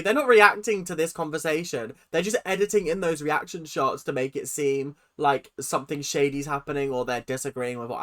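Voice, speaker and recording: A person hosting a casual reaction video, chatty, opinionated and at times sarcastic. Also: medium pitch. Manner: animated and opinionated, sometimes sarcastic.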